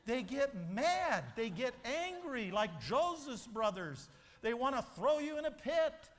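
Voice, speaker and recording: In a large convention hall, a motivational speaker with an extremely high voice and big pitch swings gives an emphatic speech, telling a story like a preacher. He speaks a little slowly, and long hall reverb surrounds him.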